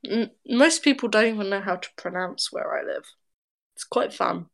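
A woman's voice: medium pitch, animated, normal speed, gravelly, fairly bright tone. A young English woman chatting casually on a podcast, her voice stuffy and nasal from a cold, laughing often and poking fun at herself. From England. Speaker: podcast guest. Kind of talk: casual chat.

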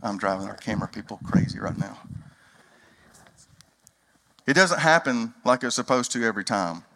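A man's voice: mid-range voice, bright, forceful tone. A man preaching a sermon as pastor, telling folksy stories and acting out dialogue in a large church hall. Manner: folksy storytelling, acts out dialogue.

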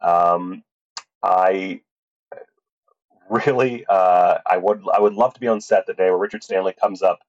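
A man's voice: sits low, steady tone, unhurried, long pauses, dull audio. A man casually reviewing a film, rambling and swearing, with lots of fillers and restarts.

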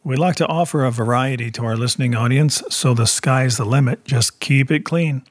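A man's voice: mid-range voice, moderate pace, no echo. A man co-hosting a story podcast, giving a friendly, joking introduction. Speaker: podcast co-host. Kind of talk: casual show introduction.

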